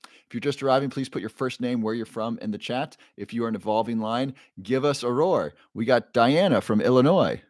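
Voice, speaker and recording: A man's voice: medium pitch, a little fast, a little mellow, no echo, clean studio sound. A man hosting a casual livestream, greeting viewers by name and reading chat in an upbeat way. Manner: upbeat, reads out chat names, playful roars. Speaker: livestream host, neuroscientist.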